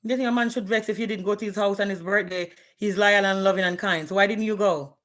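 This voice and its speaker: A woman's voice: medium pitch, fairly even intonation, fast, a bit bright. A woman, ranting bluntly and profanely on a live stream, challenging her viewers. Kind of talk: candid live-stream rant.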